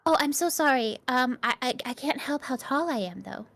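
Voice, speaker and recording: A woman player in a tabletop game stream, polite and a little hesitant. Her voice is high and swings widely in pitch, recorded dry with faint music. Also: lively intonation, moderate pace, a bit bright, no room sound. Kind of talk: tabletop role-play on stream.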